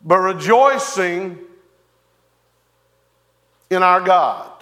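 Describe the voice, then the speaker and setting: A man preaching a sermon as pastor, halting and folksy, with many fillers and repeated words. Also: high voice, a bit bright. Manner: folksy, leads the congregation in song.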